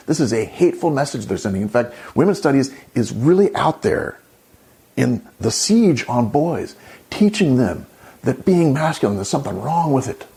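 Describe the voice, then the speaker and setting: A man's voice: medium pitch, very animated, normal speed, gravelly, dark tone. A man hosting an opinion commentary, indignant and sarcastic, often exclaiming. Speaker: channel host.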